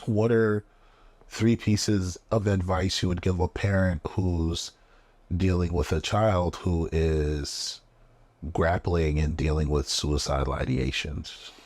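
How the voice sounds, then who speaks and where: A man's voice: deep voice, steady tone, slow pace, a little mellow, no echo. A man hosting a casual interview, asking questions in a laid-back way. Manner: laid-back, frequent affirming mm-hmms.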